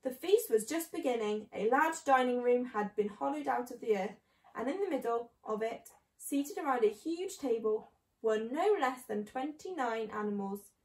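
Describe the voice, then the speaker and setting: A woman reading a children's book aloud, clear and measured. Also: on the high side, lively intonation. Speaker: storyteller. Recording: echoey room.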